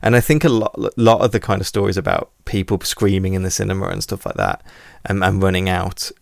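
A man's voice: deep voice, lively intonation, fairly quick, gravelly, no room sound, studio quality. A man chatting casually about old horror films, rambling with lots of fillers and restarts. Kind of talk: casual film podcast chat.

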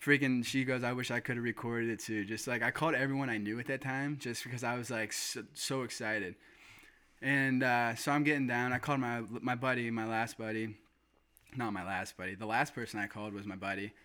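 Guy excitedly telling a hunting story, bright sharp voice, laughs and cusses. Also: medium pitch, brisk. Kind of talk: casual chat.

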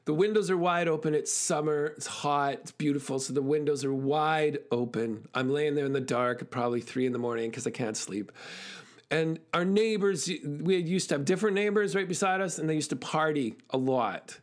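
A man with a slightly raised voice gives a motivational talk. He tells stories animatedly, rushing through phrases with frequent fillers and restarts. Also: fairly high pitch. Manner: animated storyteller, fast bursts, frequent fillers. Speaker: speaker.

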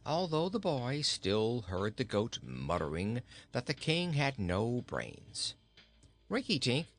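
Slow, expressive male storybook narrator. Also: mid-range voice. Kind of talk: storybook reading.

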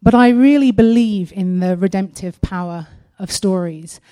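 A woman sharing a personal testimony at a church service, earnest and halting, partly reading aloud from her own writing. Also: mid-range voice, warm tone. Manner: earnest and halting, with frequent pauses.

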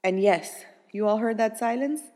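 A young woman casually telling her pregnancy story in an animated, chatty way with plenty of fillers. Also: fairly high pitch, normal speed, big-room sound.

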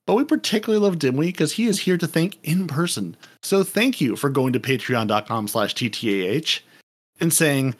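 A man's voice: on the high side, lively intonation, moderate pace, breathy edge. Playful rambling male podcast host. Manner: playful, rambling, stumbling over repeated words. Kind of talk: casual gaming podcast chat.

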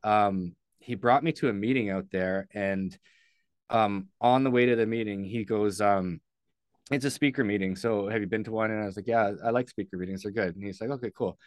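A man's voice: on the low side, brisk, no echo, clean studio sound. A man, a podcast guest, telling a story candidly and earnestly, loosely and with casual swearing.

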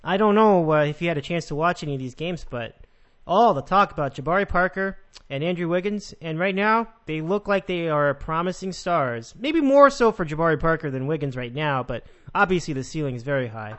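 A man's voice: fairly high pitch, animated, fairly quick, a bit bright, muffled recording. A man hosting a sports podcast, chatting casually and upbeat with callers, laughing easily.

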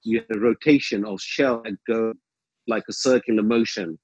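A husky, lowish male voice at moderate pace belongs to a guest recounting a long, rambling anecdote in casual conversation, with frequent ums, restarts and lively quoted asides. The recording is dry and the highs are cut off.

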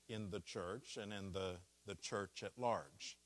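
A man preaching a sermon, walking through a scripture passage and leaning hard on key words. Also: lowish voice. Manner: slow, deliberate preaching with stressed key words. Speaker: pastor.

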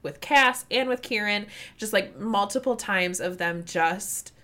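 A woman with a Midwestern accent, chatting casually as a co-host of a book discussion, rambling and animated, swearing and laughing often. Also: medium pitch, unhurried. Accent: Midwestern American.

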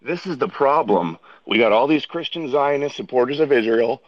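A man's voice: medium pitch, lively intonation, moderate pace, no room sound, highs cut off. A man out of breath as he walks outdoors, arguing insistently as a debate guest. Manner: insistent, argumentative. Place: outdoors, walking.

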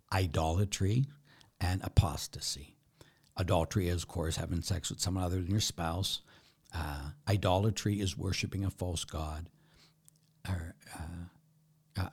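A priest with a lowish male voice preaches in an easy, conversational way. He talks plainly and keeps checking in with his listeners. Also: a little mellow, slightly rough. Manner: plain-spoken, tosses in rhetorical "huh?" checks. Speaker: Catholic priest. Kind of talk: conversational sermon.

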